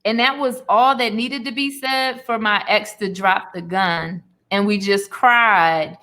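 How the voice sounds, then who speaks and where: A woman's voice: mid-range voice, fairly even intonation, a little slow, pushed and bright. A woman in her forties, an interview guest and author, giving an earnest, emotional personal testimony laced with faith.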